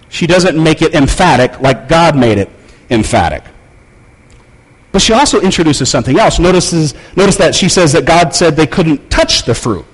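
A man's voice: fairly high pitch, big pitch swings, normal speed, breathy edge. A man preaching a sermon in a conversational, emphatic way with touches of wry humor. He sounds like a pastor speaking in a church sanctuary, and his voice carries the long echo of a large hall.

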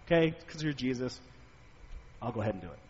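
A weary fisherman sighs his way through his complaints with grudging, forced patience, as a preacher acts him out. The voice is husky and sits lower than the preacher's usual tone. It is heard as a dull, lo-fi recording in a long, echoing hall. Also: expressive, fast, a little mellow. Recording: echoey hall, dull lo-fi sound.

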